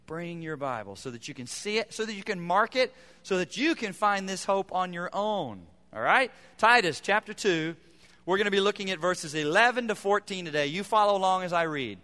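Emphatic pastor, bright voice in a church hall. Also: male voice, high voice, animated, normal speed. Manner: emphatic, repeats phrases for effect. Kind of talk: sermon. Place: church sanctuary.

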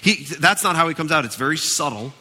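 A man pastor preaching a sermon, animated and emphatic, in a church with a long reverb. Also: on the high side, fairly quick.

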